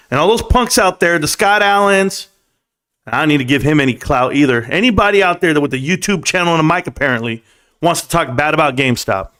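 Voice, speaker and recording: High-voiced hype guy on a late nite stock stream, cocky, swears a lot, sings bits out loud. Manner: brash, boastful trash talk with swearing; bursts into singing and shouting. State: out of breath. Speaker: stock livestream host. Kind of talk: hyped late-night stock talk livestream.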